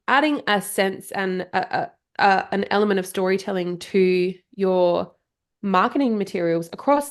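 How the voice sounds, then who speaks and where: An Australian woman in her thirties, a guest on a podcast, talking energetically and a little out of breath. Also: mid-range voice. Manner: energetic, emphatic, repeats for emphasis. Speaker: podcast guest, marketing coach. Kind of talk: casual interview chat.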